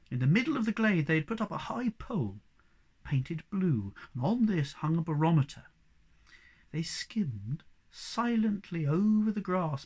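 A man narrating a children's storybook in an expressive, animated way. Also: fairly high pitch, breathy edge. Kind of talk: storybook reading.

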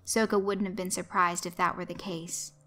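A woman reads a story aloud as narrator, steady and even. Her voice is bright and forward, and soft music plays faintly under her. It sounds like scripted storybook narration. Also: on the low side, normal speed.

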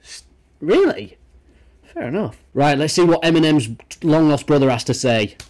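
A man's voice: fairly high pitch, sing-song, normal speed, a little mellow. A young British man hosting a reaction video, ranting with sarcastic, sweary commentary at his desk mic. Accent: British English. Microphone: desk mic, no face cam.

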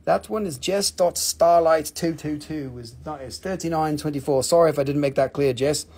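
A man hosts a live crystal sale in casual, running patter. His voice is high and slightly husky. He jokes and swears freely, in loose phrasing. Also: normal speed, darkish tone. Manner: joking, profane, loose non-native phrasing.

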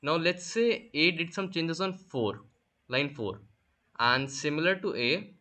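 Bright-voiced young man teaching code. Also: fairly high pitch, lively intonation, a little slow. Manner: explaining step by step with frequent fillers. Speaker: workshop instructor. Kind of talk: screen-recorded coding tutorial.

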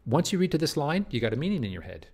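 A middle-aged man teaching literature from slides, animated, with many restarts and asides. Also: on the high side, very fast. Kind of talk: lecture walkthrough of slides.

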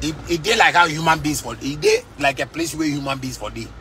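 A man's voice: a little high, fast talker, bright, forceful tone, a little hiss or hum. Fiery Ghanaian man ranting in a car. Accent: Ghanaian Pidgin English. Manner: fiery, repetitive, preachy street talk. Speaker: musician vlogger. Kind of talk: casual rant to camera. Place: inside a car.

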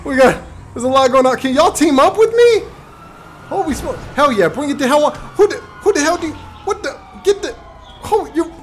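A man voicing a brash, rowdy young gamer character during a live game stream, shouting boastful trash talk. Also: very high-pitched, very animated, normal speed, a little hiss or hum, pitched above the performer's own voice.

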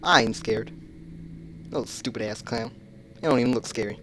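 A man with a mid-range voice hosts a gaming channel, joking and swearing casually at a moderate pace as he plays a horror game. He's jumpy and lets out loud yelps at the scares, with slight background noise behind him.

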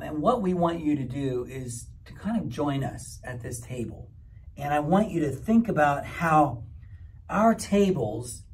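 Gentle pastor speaking to children. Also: male voice, on the high side. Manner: gentle, rambling explanation to children. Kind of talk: children's camp teaching. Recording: mic from far off.

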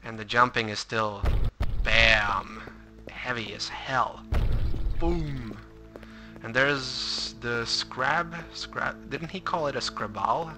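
A man's voice: medium pitch, slow pace, music in the background. A man commentating a game playthrough, reading on-screen text aloud and adding wry asides. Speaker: let's play commentator. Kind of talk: gameplay commentary.

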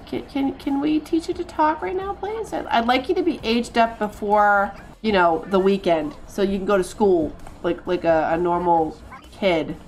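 A woman streamer giving excitable, laughing, exasperated commentary while playing a life-sim game. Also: medium pitch, normal speed. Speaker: gaming streamer. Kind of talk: casual gameplay commentary.

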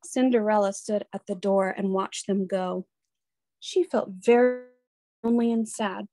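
A woman reading a children's storybook aloud in an expressive, clear storytelling voice. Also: mid-range voice, unhurried.

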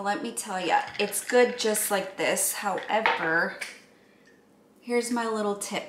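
A woman casually chatting through a home cocktail how-to, relaxed and full of ums and likes. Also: medium pitch, roomy sound, very noisy.

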